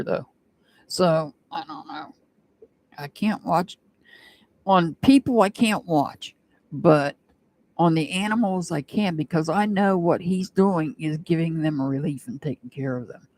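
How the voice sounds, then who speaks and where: A woman's voice: low-pitched, a little mellow. A woman doing a live-stream tarot reading, chatting and rambling with her viewers and laughing often. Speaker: tarot reader.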